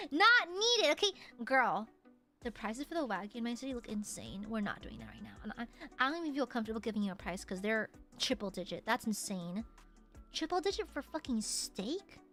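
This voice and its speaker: A woman streamer chatting casually and thanking viewers for super chats, playful and prone to sudden shouting. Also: sits high, sing-song, fairly quick, faint music behind. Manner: playful, bursts into shouts and laughter.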